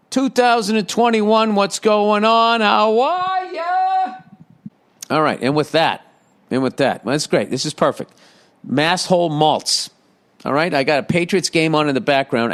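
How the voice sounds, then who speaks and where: A middle-aged man hosting a casual solo podcast. He reads listener letters aloud, breaks off mid-sentence and adds profane, sarcastic jokes. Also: fairly high pitch. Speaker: podcast host.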